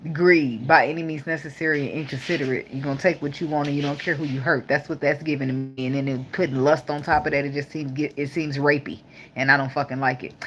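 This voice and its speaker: Young woman tarot reader, low voice, blunt and profane, with a faint hum behind her. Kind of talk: casual tarot reading.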